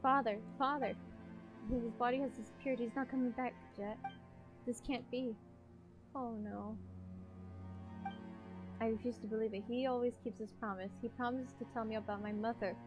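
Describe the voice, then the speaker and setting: A stubborn, desperate young woman clinging to hope for her father in a story game, read aloud by a woman. She pleads at a fairly high pitch over clear game music. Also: steady tone, moderate pace, long pauses, dull audio, lightly acted. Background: game soundtrack music.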